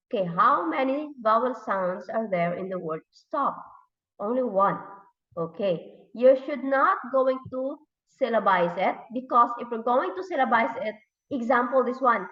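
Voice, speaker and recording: Thai-accented woman teacher drilling pupils, unhurried; lo-fi, echoey classroom recording. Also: a little high, lively intonation. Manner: repeats words slowly to drill them. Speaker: English teacher. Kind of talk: classroom lesson for young learners. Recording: dull, roomy, recorded from a distance.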